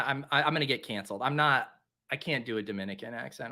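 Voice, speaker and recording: Guy hosting a fantasy football stream, bright tone, chatty and self-mocking, average pitch. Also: fast. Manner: rambling, self-mocking, talks to viewers. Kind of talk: casual live drafting commentary.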